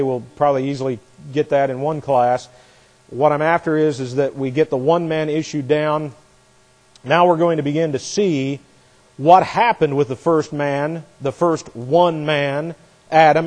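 A man teaching a Bible class as a sermon, forceful and scornful of doctrine he calls false. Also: fairly high pitch, long reverb tail.

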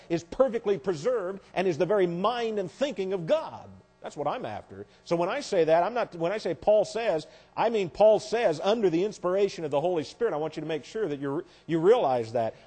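Brief: higher-pitched male pastor, emphatic teaching sermon with slow letter-by-letter spelling, long reverb from a large hall. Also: a little mellow.

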